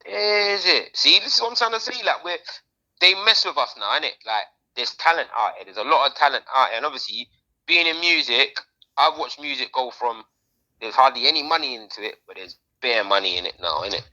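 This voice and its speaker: Man co-host, quick lively delivery, bright tense tone, dull recording. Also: medium pitch. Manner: animated, slangy, talks over others. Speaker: podcast co-host. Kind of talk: casual chat.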